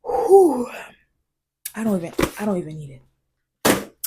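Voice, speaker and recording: A woman's voice: medium pitch, big pitch swings, unhurried, heavy background noise. A woman giving casual, passionate commentary as a vlogger, emphatic and sometimes dropping to a near whisper.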